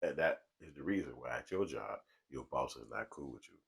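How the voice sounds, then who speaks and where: A man hosting his own vlog, talking to a small camera alone in a studio in a calm, low, mellowed-out tone, with loose street talk and swearing. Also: a little fast, vocal fry, breathy edge. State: relaxed from smoking. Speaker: vlog host. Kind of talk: casual commentary to camera. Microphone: small camera mic.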